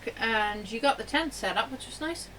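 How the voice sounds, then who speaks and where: Bright Northern Irish woman co-host. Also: on the high side, expressive, fairly quick, poor audio. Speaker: co-host streamer. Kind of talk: casual live-stream chat.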